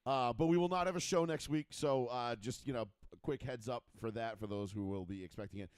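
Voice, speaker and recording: A man's voice: medium pitch, a little fast, smooth, no echo. A man hosting a casual talk show, bantering in a brash, joking, boastful way. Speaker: podcast host. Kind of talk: casual chat.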